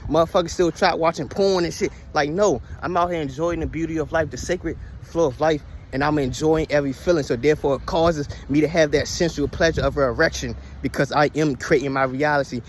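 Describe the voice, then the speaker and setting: A man's voice: on the high side, a little hiss or hum. A man giving a casual monologue to his followers, talking emphatically and preachily, with lots of swearing and repeated "you hear me". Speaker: vlogger.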